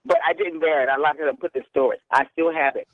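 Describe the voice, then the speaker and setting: A man's voice: a little high, fairly even intonation, rapid-fire, no echo. A male radio caller rambling through an odd anecdote and chuckling along. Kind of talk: phone-in anecdote. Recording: tinny phone line.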